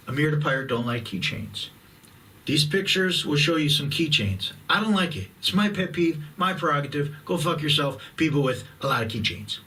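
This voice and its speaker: Fifty-something guy ranting, swearing nonstop, bright sharp edge to his voice, bit far off the mic. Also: fairly high pitch. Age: 50s. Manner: blunt, profane, combative rant with long drawn-out words. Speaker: YouTube host. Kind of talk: profane ranting monologue.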